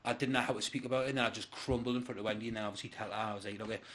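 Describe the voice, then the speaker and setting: A man's voice: lowish voice, steady tone, fairly bright tone. A man as a podcast guest, telling stories in casual chat with lots of swearing. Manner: rapid, swearing, storytelling.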